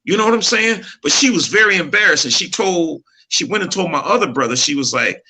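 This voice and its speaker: A middle-aged man with a very bright, fairly high voice talks in a relaxed chat. He preaches earnestly and tells a personal story, laughing easily as he goes. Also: brisk, husky. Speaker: podcast co-host.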